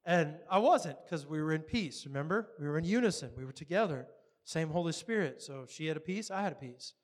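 High-voiced animated preacher man. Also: fairly quick. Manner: animated, acts out dialogue, laughs often. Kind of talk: sermon storytelling.

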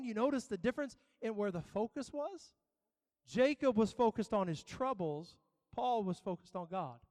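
A man's voice: very high-pitched, a little mellow, big-room sound. A man preaching a sermon as pastor, building emphasis through repetition. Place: church.

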